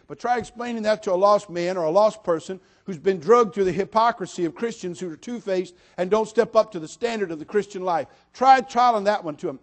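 Preacher, male, high-pitched, sermon delivery with humorous asides and loud appeals. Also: animated, brisk. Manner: swings from quiet asides to shouted appeals; humorous storytelling, repeats "listen to me".

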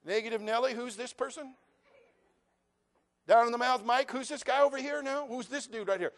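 A male pastor preaching a sermon, animated and humorous, acting out voices of people in his congregation. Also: extremely high pitch, normal speed.

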